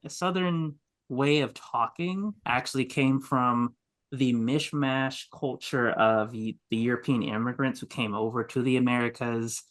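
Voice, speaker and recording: A medium-pitched man with a fairly bright tone and fairly even intonation co-hosts a podcast at a measured pace. He explains things casually, with lots of fillers and restarts.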